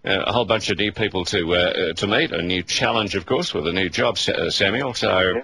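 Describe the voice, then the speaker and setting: Deep-voiced, bright Australian radio host. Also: male voice, fairly quick, slightly rough, dry recording. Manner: genial, rambling, full of hesitations. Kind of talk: casual chat with callers. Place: radio studio.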